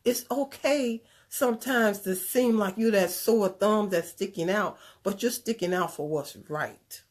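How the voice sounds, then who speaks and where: A woman telling a personal story in a conversational talk, animated and earnest, drifting into preachy asides. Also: medium pitch, measured pace. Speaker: speaker sharing a personal story. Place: Chicago area.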